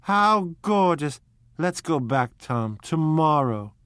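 A man's voice: lively intonation, measured pace, dry recording. A man doing a gushing, giddy young woman. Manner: high, gushing and ecstatic.

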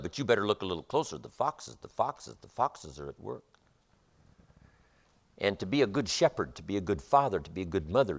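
Lively, emphatic male motivational speaker. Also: sits low. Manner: emphatic, repetitive, preacher-like cadence. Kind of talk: motivational lecture.

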